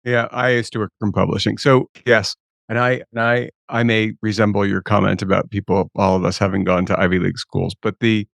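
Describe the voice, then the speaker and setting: A man co-hosts a podcast in a wry, self-deprecating way. His voice is low and gravelly. The sound is dry and close. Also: level tone, a little fast, fairly bright tone, dry recording. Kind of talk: casual interview chat.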